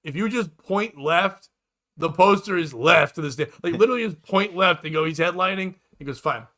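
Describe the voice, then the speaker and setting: A man telling a rambling comedy-club story with a bright, forceful edge to his voice. His pitch sits a little high for a man. He jumps into quoted voices as he goes. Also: moderate pace. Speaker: comedian and podcast host. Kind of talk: casual storytelling chat.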